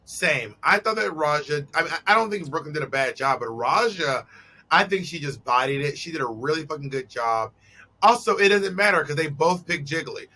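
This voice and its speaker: A man's voice: a little high, expressive, fairly quick, sharp tone, low-quality recording. A man in his thirties hosting a show, chatting casually and teasing his co-host in a laid-back, playful way. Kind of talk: casual recap chat.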